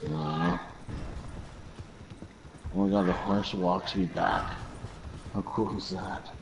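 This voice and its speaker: Low-voiced man reacting tersely. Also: fairly even intonation, slow pace, background noise. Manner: terse reactions, frequent swearing. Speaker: player. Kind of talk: casual gameplay chat.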